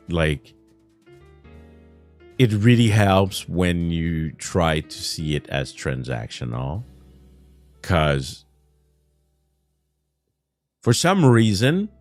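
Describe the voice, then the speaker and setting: A man's voice: deep voice, a little mellow. A man from Quebec whose first language is French, with a Quebec French accent, chatting casually on a livestream in a whiny, ranting way, laughing often and swearing. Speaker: streamer.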